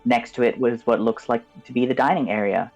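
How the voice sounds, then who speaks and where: A man's voice: mid-range voice, brisk, muffled recording, soft background music. A man as game master, giving vivid descriptive narration of a tabletop game and turning loose with fillers when he improvises.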